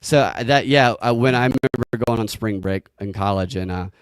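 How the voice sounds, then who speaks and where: A man's voice: fairly low pitch, normal speed, clean tone, no room sound. A man with a Southern US drawl trades jokes in casual podcast chat. He laughs at his own lines. The sound is dry and close. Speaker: podcast co-host. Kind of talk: casual comedic commentary.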